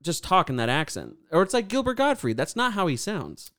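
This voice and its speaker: A man's voice: high voice, very animated, fairly quick, a bit bright, smooth, no room sound, studio quality. A man co-hosting a casual podcast, rambling through stories loosely, swearing and laughing along. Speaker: podcast co-host. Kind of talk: casual chat.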